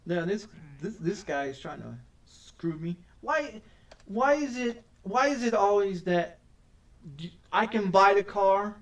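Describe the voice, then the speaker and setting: Male game streamer, high voice, slow unhurried delivery, cusses constantly, stumbles and repeats himself, set back from the mic. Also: lively intonation, far from the mic. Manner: profane, ranting, stammers and repeats words. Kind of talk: casual gameplay commentary.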